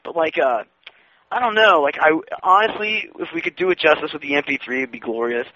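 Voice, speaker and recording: A man's voice: on the high side, lively intonation, brisk, sharp tone. A man co-hosting a podcast in casual chat, crude and joking, rambling from point to point. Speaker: podcast co-host. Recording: muffled lo-fi audio with faint hiss.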